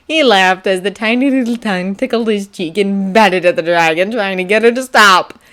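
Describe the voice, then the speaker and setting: A woman narrating a fanfiction audiobook with a steady, expressive reading. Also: medium pitch, moderate pace. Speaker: audiobook reader.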